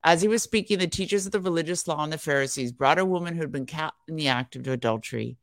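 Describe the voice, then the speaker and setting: A woman's voice: low voice, quick pace, no room sound, clean studio sound. A woman co-hosting a devotional podcast, reading scripture aloud in an earnest voice and chatting casually between passages.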